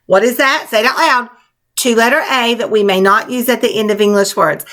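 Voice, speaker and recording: A woman's voice: on the high side, brisk, fairly bright tone. A woman teacher leading young children through a spelling lesson, coaching them patiently in a sing-song classroom manner.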